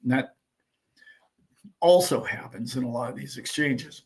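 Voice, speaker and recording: Guy hosting a live stream, kinda raspy voice, fired up and ranty. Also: mid-range voice, unhurried. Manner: emphatic, ranting, rhetorical questions. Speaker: livestream host. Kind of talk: casual livestream commentary.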